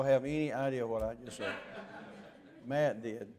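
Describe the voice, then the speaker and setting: Older preacher with a Southern drawl. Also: male voice, mid-range voice, unhurried, crowd noise. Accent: Southern US, Deep South Alabama. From southern United States. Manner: joking, storytelling, drawling. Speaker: visiting preacher. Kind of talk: folksy sermon introduction. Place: church sanctuary.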